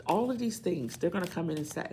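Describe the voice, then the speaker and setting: A woman reads tarot for her viewers with a deep voice that has a gravelly edge. She preaches her points with emphasis and repeats key lines to make them stick. A faint hiss of noise sits under the recording. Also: expressive, quick pace, warm tone. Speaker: tarot reader. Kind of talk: tarot reading monologue.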